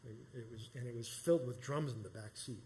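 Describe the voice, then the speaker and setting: Telling a personal story live, a middle-aged man from New York rambles conversationally with lots of restarts in a small performance space. He speaks quickly, with a medium-pitched, darkish voice.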